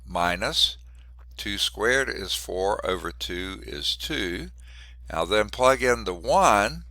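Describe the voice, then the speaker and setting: Male math instructor, congested and short of breath, bright edgy low voice, throat-clearing, wry asides. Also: dry recording. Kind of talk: classroom lecture.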